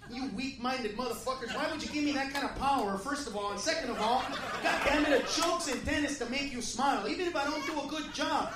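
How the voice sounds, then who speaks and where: Brash high-voiced stand-up comic in echoey club. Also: male voice, background noise. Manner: brash, profane, yelling punchlines at the crowd. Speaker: stand-up comedian. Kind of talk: stand-up comedy set. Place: comedy club stage with live audience. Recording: echoey club audio from far off, crowd laughter.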